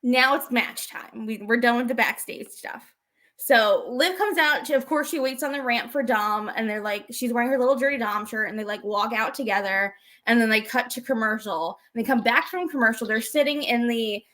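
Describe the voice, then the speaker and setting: Her pitch is fairly high and a bit bright, and she moves at a moderate pace. She's a podcast co-host chatting casually through a wrestling recap, acting out each line she quotes.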